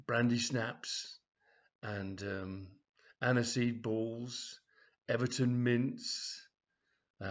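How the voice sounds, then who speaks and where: A storyteller with a middling voice rambles happily through a comic tale, scattering fillers and asides as he goes. The recording sounds dull and lo-fi, without much top end. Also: mid-range voice. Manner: rambling, with frequent fillers and "of course". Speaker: author reading his own comedy story. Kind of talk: storytelling, loose and conversational.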